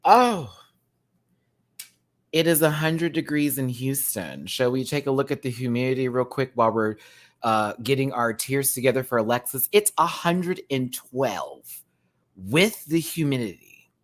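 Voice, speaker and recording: A man hosting a casual reaction show, campy and chatty, swinging from loud exclamations to quiet asides and laughing often. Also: mid-range voice, animated, unhurried. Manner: campy and chatty, repeats words for emphasis.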